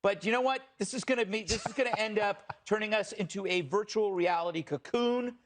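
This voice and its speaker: A man's voice: sits high, fairly quick. A man co-hosting a talk panel who riffs in a wry, rambling comic way. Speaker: talk show co-host. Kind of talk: panel discussion.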